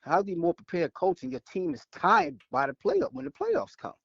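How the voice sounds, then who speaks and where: A man's voice: sits high, wildly swooping pitch, normal speed, vocal fry, dry recording, dull audio. A man from Brooklyn, calling into a sports stream and talking animatedly, often repeating himself. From Brooklyn, New York. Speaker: caller.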